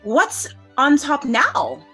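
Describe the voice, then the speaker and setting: A woman acts out an eccentric lady conjurer with a high, bright, wildly swinging voice. She teases and shows off in a slow, drawn-out way, as if performing for a stage crowd. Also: wildly swooping pitch, faint music behind, exaggerated voice. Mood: playful. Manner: showy, teasing. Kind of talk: stage play acting.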